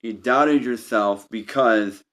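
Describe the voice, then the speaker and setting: Fairly low and a bit bright, this man's voice moves slowly through an unscripted tarot reading. He addresses "you" directly, wandering and repeating himself, restarting phrases often as he goes.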